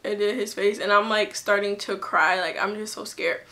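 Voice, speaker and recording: A woman's voice: medium pitch, fairly even intonation, moderate pace, bright, forceful tone. A young woman telling a personal story to her camera in a casual, chatty way, full of fillers and restarts. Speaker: vlogger.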